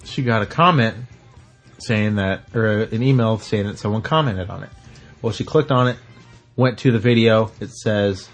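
A man co-hosting a podcast, telling a rambling story in casual chat and often clearing his throat. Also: on the low side, moderate pace, faint music behind. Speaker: podcast co-host.

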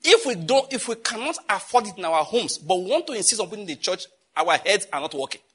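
Pastor guy preaching, kinda husky, jumps around in pitch, scolds then jokes. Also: big pitch swings, fast talker, fairly bright tone. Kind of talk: sermon.

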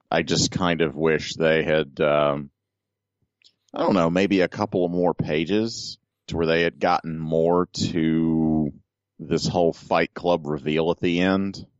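A man co-hosting a podcast, deadpan and drily joking in casual chat. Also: extremely low pitch, slow, no echo, dull audio. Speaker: podcast co-host.

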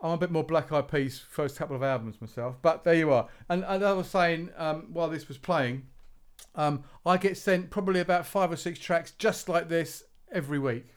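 A man running a relaxed music review panel on air. His voice sits a little higher than most men's. He teases his guests and laughs easily as he chats. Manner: playful, teasing, quick to laugh. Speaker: radio host reviewing new tracks. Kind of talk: casual panel chat.

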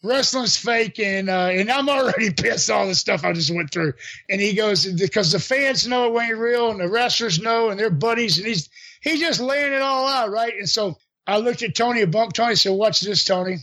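An older man, a former wrestler, telling animated stories in a casual chat, quoting people and laughing as he goes. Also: high voice, moderate pace. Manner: animated anecdotes with laughs and voiced quotes. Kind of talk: casual storytelling.

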